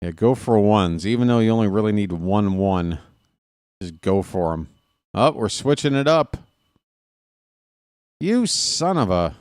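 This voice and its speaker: A man hosting a live stream, trash-talking his opponents in a dice game, swinging from muttering to excited yelling. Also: on the low side, measured pace, pauses often, clean tone, no echo, studio quality. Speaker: streamer and play-by-play host. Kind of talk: casual live-stream commentary while playing a dice game.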